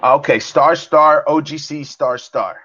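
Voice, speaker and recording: A man's voice: a little high, a little slow, pushed and bright, lo-fi sound. A man in casual livestream banter, teasing and rambling.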